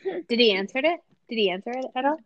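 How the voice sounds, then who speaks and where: A woman co-hosting a podcast in casual chat, reacting often with lively exclamations. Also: fairly high pitch, fast, highs cut off. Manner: reactive, animated, frequent exclamations. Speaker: podcast co-host.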